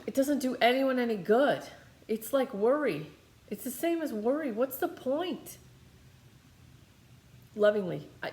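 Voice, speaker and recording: A woman's voice: mid-range voice, gravelly, reverberant. Rambling woman leading a healing meditation. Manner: rambling, conversational, many fillers. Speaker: meditation teacher. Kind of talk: guided meditation talk, channeling.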